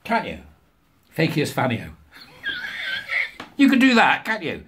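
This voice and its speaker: A man's voice: fairly high pitch, wildly swooping pitch, measured pace, a bit bright, slight background noise. Scornful man reading news aloud. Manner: sarcastic and scornful, laughs at his own jokes. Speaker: commentator. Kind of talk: reading and mocking news articles.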